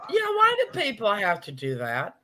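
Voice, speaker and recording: Chatty bright-voiced man hosting a live stream. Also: sits high, huge pitch swings, moderate pace. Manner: chatty, greets viewers and reads chat comments aloud. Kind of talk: casual live-stream chat.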